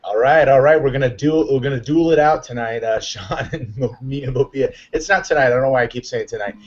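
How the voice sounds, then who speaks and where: An excitable man hosts a live online chat show, upbeat and rambling, full of fillers and restarts. His voice sits in an ordinary middle pitch. The sound is dull and lo-fi, like a web call. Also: fairly quick. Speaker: host.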